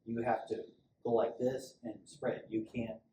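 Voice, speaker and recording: A man's voice: mid-range voice, level tone, normal speed, warm tone. A middle-aged man, a police sergeant, giving a loose, conversational safety training talk to a small group and acting out little quotes as he goes. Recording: echoey room, distant mic, faint hiss.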